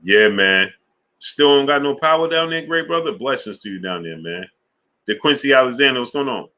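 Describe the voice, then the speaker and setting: A man hosting a sports live stream, chatting casually in slang and shouting out viewers by name. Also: mid-range voice, expressive, normal speed. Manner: laid-back, slang-heavy, shouting out viewers. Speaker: sports channel host. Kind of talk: casual live-stream chat reading super chats.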